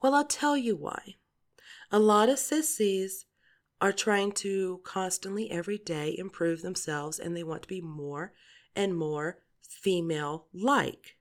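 A woman's voice: lowish voice, measured pace. Woman in her 40s doing a casual podcast monologue, rambly, laughs a lot, swears. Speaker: podcast host.

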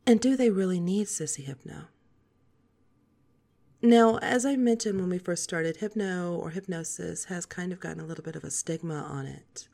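A woman in her forties hosting a podcast, talking in a soft, calm, steady monologue. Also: fairly low pitch, vocal fry. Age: 40s. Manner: soft, calm, slow-paced delivery. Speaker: podcast host.

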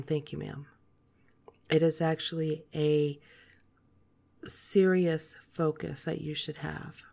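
Soft, calm woman in her forties. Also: sits low. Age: 40s. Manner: soft, calm, slow-paced delivery. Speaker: podcast host. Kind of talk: calm spoken monologue.

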